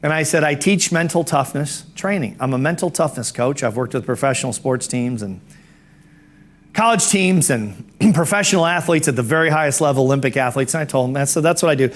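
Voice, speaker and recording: A man telling a personal story to an audience in a lively way, putting on other people's voices as he goes and clearing his throat now and then. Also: fairly high pitch. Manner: animated, acts out cheery quoted voices. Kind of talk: storytelling talk.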